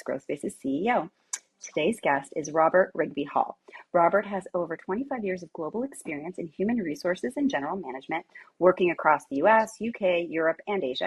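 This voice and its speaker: A woman's voice: fairly low pitch, husky, rough recording. A woman hosting a podcast interview, upbeat and playful in a conversational way. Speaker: podcast host.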